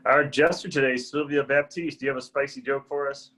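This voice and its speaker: A man's voice: mid-range voice, fairly even intonation, brisk, bright, forceful tone, rough recording. A man chairing an online speaking club meeting, courteously introducing each speaker over a video call.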